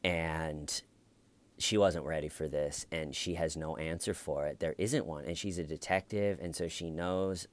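Deep-voiced sarcastic man commenting. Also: fairly even intonation, measured pace. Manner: sarcastic, mocking, rambling. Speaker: true crime commentator. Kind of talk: casual commentary.

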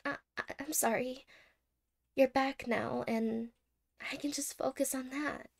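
A woman's voice: high voice, steady tone, slow, creaky, heavily acted. A woman playing a clingy, stammering girlfriend, whispered role-play. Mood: anxious, teary. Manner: soft-spoken, stammering, apologetic. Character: clingy anxious young woman, a doting girlfriend. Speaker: ASMR role-play creator.

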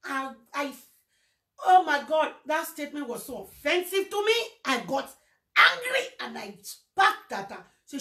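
Animated Nigerian woman, high voice. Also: measured pace, pauses often. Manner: animated storytelling, slipping into Pidgin. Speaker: social media presenter. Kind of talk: casual livestream monologue. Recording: echoey room.

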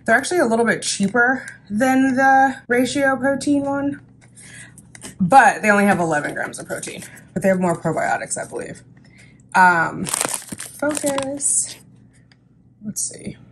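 A woman's voice: on the high side, moderate pace, fairly bright tone, slight background noise. A woman in her thirties chatting casually in a vlog, talking herself through her breakfast and her groceries. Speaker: vlogger.

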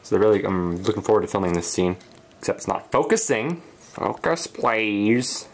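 A woman's voice: very deep voice, moderate pace. A woman making wry, joking asides while commenting behind the scenes of her stop-motion work. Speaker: stop-motion hobby animator.

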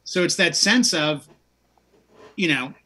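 A man's voice: a little high, animated, slow pace, bright, forceful tone, breathy edge. A man in his fifties, a DJ hosting a casual music chat, who talks with enthusiasm and wanders off into long stories. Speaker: DJ and show host.

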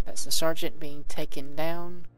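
A man's voice: fairly high pitch, flat delivery, measured pace, fairly bright tone, faint music behind, poor audio. A man commentating a video game, reading its combat log aloud and adding casual remarks. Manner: reads game text aloud with casual asides. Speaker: let's play commentator.

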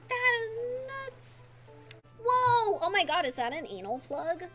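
A woman's voice: very high-pitched, huge pitch swings, unhurried. A young woman streamer gushing and squealing over her video game as she plays. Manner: gushing, squealy, laughs often. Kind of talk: excited gameplay commentary. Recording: faint game music behind.

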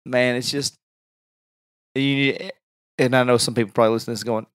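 A man's voice: medium pitch, fairly even intonation, brisk, no room sound, studio quality. Rambling man telling stories. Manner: rambling storytelling with many restarts. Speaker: podcast host. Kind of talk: casual chat.

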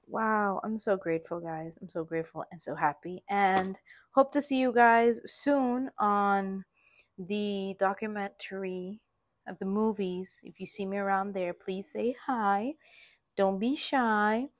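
Young woman vlogger, excitable and gushing, slow unhurried delivery, dry close mic. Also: medium pitch, no echo. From Latin America. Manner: gushing, squeals with delight. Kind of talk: excited unboxing vlog. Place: in the Philippines.

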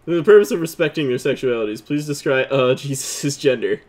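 A man's voice: mid-range voice, fairly quick, darkish tone. A young man hosting a casual let's play with friends, joking, laughing and reading game prompts aloud with lots of restarts. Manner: goofy, laughing often, rambling restarts.

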